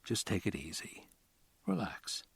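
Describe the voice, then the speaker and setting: A man's voice: low voice, wildly swooping pitch, measured pace, vocal fry, slightly rough, dry recording, in a whisper, heavily acted. A man voicing a wry, blunt homicide cop. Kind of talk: audiobook reading.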